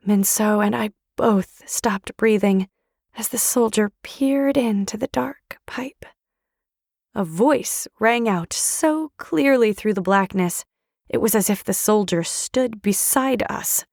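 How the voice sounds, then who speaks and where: A woman's voice: mid-range voice, slow, vocal fry, darkish tone, no echo, clean studio sound. A woman narrating an audiobook in a dramatic, emotional first-person reading. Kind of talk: scripted narration.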